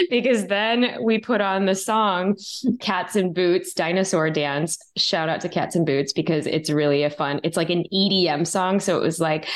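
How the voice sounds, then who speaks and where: Lively storytelling woman, lowish voice. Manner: animated, acts out her own quoted lines. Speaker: guest author. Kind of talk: storytelling in a podcast interview.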